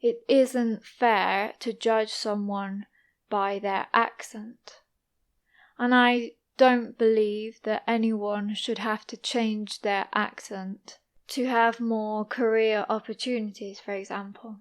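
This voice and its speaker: A young woman with an East Midlands English accent, giving a careful, slow English listening lesson as a podcast host. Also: medium pitch, fairly even intonation. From East Midlands, England. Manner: careful, deliberate pronunciation. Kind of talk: slow, clear teaching monologue for English learners.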